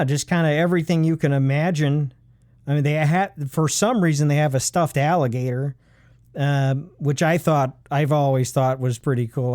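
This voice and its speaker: A man hosting a comedy show, rambling, halting and full of fillers and restarts. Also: on the high side, darkish tone, smooth, no room sound, clean studio sound. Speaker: comedy podcast host. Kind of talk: deadpan rambling comedic monologue.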